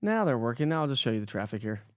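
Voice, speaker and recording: Talking very fast in a sing-song, mid-range voice, a chatty man from Colorado hosts a weather livestream. The sound is clean studio audio without echo, and he jokes cheerfully while reading viewer comments and welcoming people by name.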